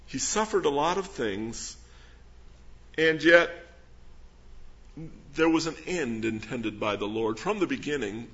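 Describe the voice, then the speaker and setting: A male pastor preaches in an earnest tone of middle pitch, reading scripture aloud and posing rhetorical questions to his listeners. The recording sounds dull and lo-fi. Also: fairly bright tone. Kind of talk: sermon.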